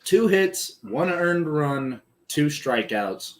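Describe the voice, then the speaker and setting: Excitable man chatting sports on a podcast. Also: fairly high pitch, slow. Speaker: podcast co-host. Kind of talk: casual sports chat over a live game.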